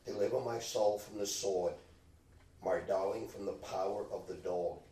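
A man reading scripture aloud in a slow, measured way at a Bible study, now and then stumbling on a word. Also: on the low side, steady tone, mellow. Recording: echoey room, distant mic, faint background.

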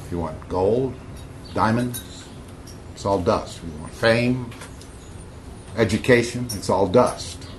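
A man's voice: on the low side, slow pace, long pauses, slight background noise. A man giving informal Bible teaching to a group, emphatic, repeating key words and bantering with his listeners.

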